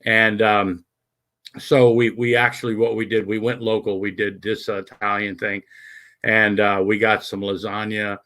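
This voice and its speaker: A man hosting a casual late-night livestream, rambling and swearing as he greets viewers by name, with lots of halting fillers. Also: on the low side, little pitch movement, a bit bright. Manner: halting, many fillers and restarts. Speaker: livestream host.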